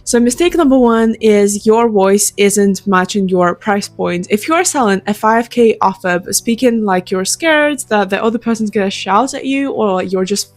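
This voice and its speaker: A woman's voice: mid-range voice, moderate pace, hardly any pauses, dry recording. A young woman giving casual, direct sales coaching straight to camera, close to a microphone, with chatty filler words. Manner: direct, upbeat, conversational with filler likes. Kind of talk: casual talking-head advice.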